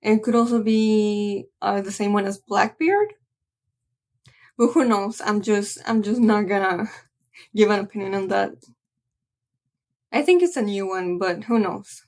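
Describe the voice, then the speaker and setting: A woman's voice: medium pitch, unhurried, pauses often, darkish tone. A woman reading a comic aloud and chatting about it, with frequent restarts and trailing asides. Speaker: manga reaction creator. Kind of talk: reading a comic aloud with casual reaction commentary.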